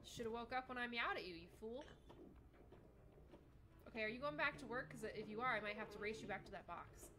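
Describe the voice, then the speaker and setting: A young woman streams live gameplay, chatting casually, reading chat aloud and swearing often. Her fairly high voice is expressive and brisk, broken by long pauses, with a noisy background.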